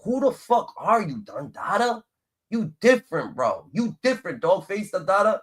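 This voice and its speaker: A man's voice: high voice, very animated, normal speed, husky. A man co-hosting a live stream, swearing and tacking "da, da, da" onto nearly every phrase. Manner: peppers every phrase with "da, da, da", profane. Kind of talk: heated live-stream commentary.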